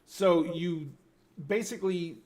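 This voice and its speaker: A man serving as game master, narrating the scene in a loose, chatty way with many fillers. His voice sits a little high for a man. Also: takes it slowly, a little mellow.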